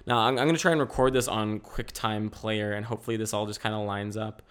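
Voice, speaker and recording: A man's voice: on the low side, steady tone, quick pace, a bit bright, smooth. A young man hosting a casual solo podcast from home, rambling with restarts and swearing. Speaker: podcast host. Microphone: camera mic.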